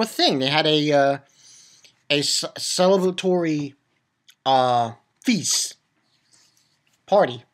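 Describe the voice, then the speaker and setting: A man giving a casual, rambling recap of an anime episode, excitable and quick to swear and laugh. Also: on the high side. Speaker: anime reviewer.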